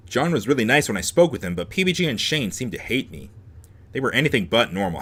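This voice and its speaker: Bright, sarcastic man reading a visual novel. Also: fairly low pitch, very animated, quick pace. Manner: sarcastic asides between narration. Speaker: let's play host.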